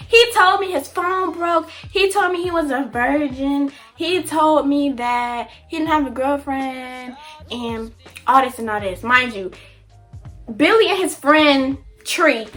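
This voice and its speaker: A young woman vlogger telling a story in a chatty, animated way, full of slang and fillers. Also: high-pitched. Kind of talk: casual storytime.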